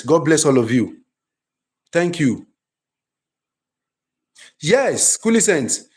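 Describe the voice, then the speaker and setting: Man, high-pitched, lively repetitive teacher on a stream. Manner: lively, emphatic, repeats himself. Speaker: film writing teacher. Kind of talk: live-streamed class.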